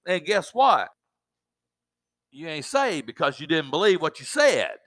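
A man's voice: on the high side, sing-song, a little slow, fairly bright tone. A man preaching a sermon in a fervent, exhorting way with folksy asides.

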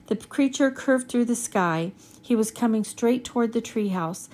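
A woman reading a children's chapter book aloud in a steady storytelling manner. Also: on the high side, moderate pace. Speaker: reader.

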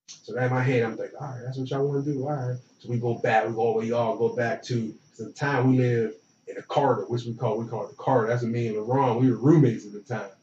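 A young man telling a college football story in relaxed, slangy talk, acting out what others said. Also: medium pitch, fast, a little hiss or hum. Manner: relaxed, slangy, animated retelling with quoted dialogue. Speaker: former football player, guest. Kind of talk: casual storytelling. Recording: roomy, distant, dull lo-fi sound.

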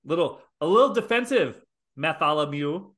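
A man's voice: fairly high pitch, lively intonation, moderate pace, fairly bright tone. A man from the American Midwest with a Wisconsin accent, co-hosting a podcast and joking and teasing in casual chat. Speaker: podcast co-host.

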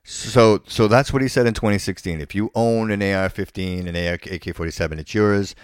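A man's voice: lowish voice, steady tone, fairly quick, smooth, dry recording, clean studio sound. A man hosting a podcast, giving an indignant, opinionated rant and often stammering and repeating himself. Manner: stammering, repeats words and restarts phrases. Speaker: podcast host.

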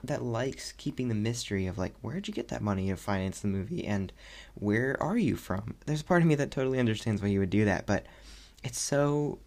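A young man hosting his own podcast, chatting casually and rambling with lots of fillers. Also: mid-range voice. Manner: rambling, animated, many fillers. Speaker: podcast host. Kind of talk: casual solo podcast chat.

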